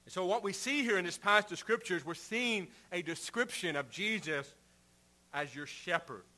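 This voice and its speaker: A man preaching a sermon in an earnest way, rising for emphasis and dropping soft at the ends of phrases. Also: high-pitched, expressive, moderate pace. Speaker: pastor.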